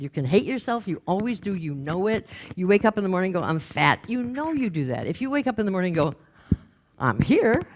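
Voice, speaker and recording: A woman career coach giving a talk, telling anecdotes and acting out the people in them. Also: mid-range voice. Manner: animated, acts out the people in her anecdotes. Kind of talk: storytelling talk to an audience.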